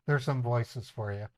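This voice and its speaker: A man's voice: mid-range voice, darkish tone, no room sound. A man hosting a casual livestream. He chats, laughs often and slips into voices. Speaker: streamer, scam baiter.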